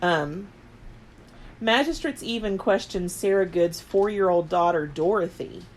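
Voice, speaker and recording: A woman's voice: fairly low pitch, unhurried. Rambling woman in her late thirties. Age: late 30s. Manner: rambling, heavy on filler words. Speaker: podcast co-host. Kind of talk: casual chat retelling history.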